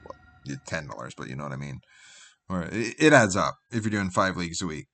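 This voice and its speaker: A man's voice: sits low, expressive, fairly quick, a bit bright. A man casually commentating his own card game on a live stream, thinking aloud in a loose, rambling way. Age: adult with a job. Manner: rambling, thinks aloud with fillers and trailing asides.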